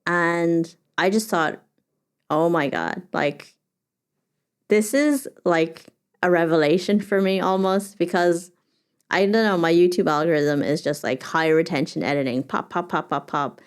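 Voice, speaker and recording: Woman solo podcast host: low, smooth, loose and chatty, thinks out loud. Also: unhurried. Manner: thinks aloud with many fillers and restarts. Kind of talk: reflective solo podcast monologue.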